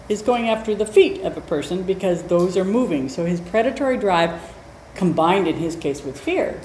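A woman dog trainer teaching a class in a chatty, animated way, acting out little scenes as she explains. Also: lowish voice. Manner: animated, chatty, acts out quotes. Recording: roomy echo, faint noise.

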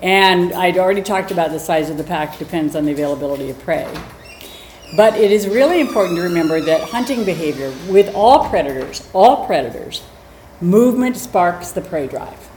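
A woman dog trainer teaching a class in a chatty, animated way, acting out little scenes as she explains. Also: fairly low pitch, a little fast. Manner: animated, chatty, acts out quotes. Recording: roomy echo, faint noise.

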